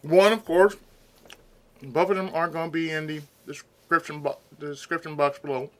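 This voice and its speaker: Eating at times between complaints, a man vlogs an exasperated, casual rant. His voice is on the high side and fairly bright, with a steady tone and moderate pace.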